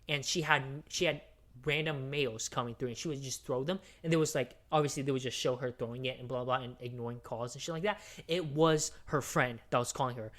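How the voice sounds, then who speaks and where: A podcast co-host at a middle pitch who rants through a movie plot in casual chat. The talk wanders and restarts, packed with fillers and curse words. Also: fairly quick, fairly bright tone. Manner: rambling, swearing, heated movie recap with many fillers.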